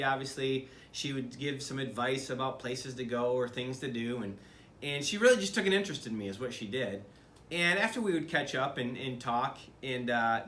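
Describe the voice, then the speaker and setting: A man's voice: medium pitch, sharp tone, roomy sound. A middle-aged man from Michigan, a business leader talking earnestly to camera in a conversational way, with many fillers and restarts. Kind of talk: speaking to camera about leadership.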